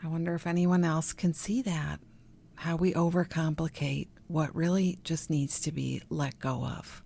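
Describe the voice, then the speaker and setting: A middle-aged woman hosting a podcast, talking gently and encouragingly about healing, with soft whispered asides. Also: low-pitched, steady tone, unhurried, vocal fry. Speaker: podcast host, healing coach. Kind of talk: reflective spiritual talk.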